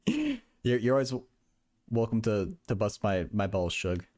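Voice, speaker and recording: A man's voice: mid-range voice, huge pitch swings, slow pace, a little mellow. A young man livestreaming while he does math homework, chatting casually and often stammering and repeating words.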